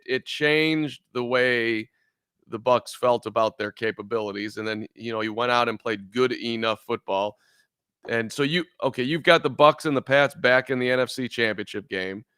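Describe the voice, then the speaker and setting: A man's voice: medium pitch, moderate pace, pushed and bright, smooth, no room sound, studio quality. A man co-hosting a sports podcast, chatting playfully with jokes and stammered restarts. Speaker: podcast co-host. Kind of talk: casual sports talk.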